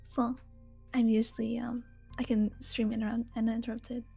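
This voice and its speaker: A woman's voice: a little high, level tone, normal speed, gravelly, over loud music. A woman chatting as a guest on a live stream, giggly and hesitant with frequent "um"s. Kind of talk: casual chat.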